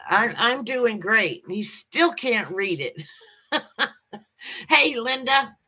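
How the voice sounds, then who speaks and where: A woman hosting a casual livestream, greeting viewers by name and chatting in a halting way with lots of ums and restarts. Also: a little high, animated, bright, forceful tone. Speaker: livestream host.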